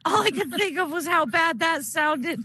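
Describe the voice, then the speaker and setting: A woman's voice: very high-pitched, lively intonation, moderate pace, sharp tone, no echo. A woman co-hosting a podcast, bantering in casual joking chat and giggling. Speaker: podcast co-host.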